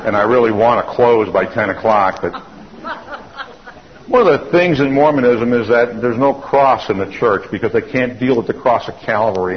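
Middle-aged guy telling his church testimony, earnest, trips and repeats words, kinda low voice, muffled old recording. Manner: earnest storyteller with frequent restarts and repeats. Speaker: church speaker giving testimony. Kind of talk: testimony sermon storytelling. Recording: dull lo-fi recording.

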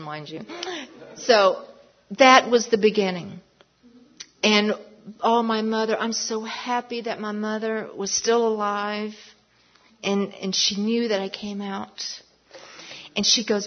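A woman's voice: medium pitch, a little slow. A woman giving a personal testimony at church, telling her story emphatically and sometimes dropping to a whisper. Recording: dull lo-fi recording.

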